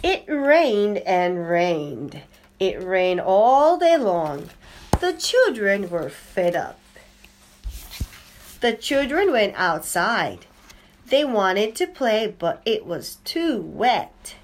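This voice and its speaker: A woman reading a children's storybook aloud, in a slow, clear and expressive way. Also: medium pitch, a little hiss or hum. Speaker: storybook reader.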